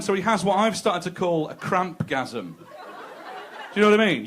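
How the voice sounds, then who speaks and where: A man's voice: high-pitched, expressive, moderate pace, slight background noise. A man doing a crude, conversational stand-up set, teasing the crowd. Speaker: stand-up comedian. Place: comedy club stage.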